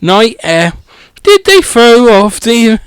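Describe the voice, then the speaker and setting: A man's voice: very high-pitched, sing-song, slow pace, clear, resonant tone, no room sound. A man reading a comedic parody audiobook through a headset mic, irreverent and swearing, often stumbling over words. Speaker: audiobook reader.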